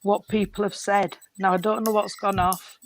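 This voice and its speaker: At a moderate pace and level tone, a woman with a medium-pitched voice delivers a mediumship reading in a church service. She's tearful and affectionate, calling the listener darling and sweetheart as she speaks. The audio is low quality.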